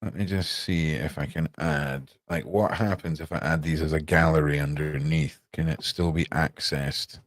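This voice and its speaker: A man's voice: a bass voice, steady tone, moderate pace, few pauses, no echo. A man chatting casually on a live stream, muttering to himself as he works and tossing off playful asides.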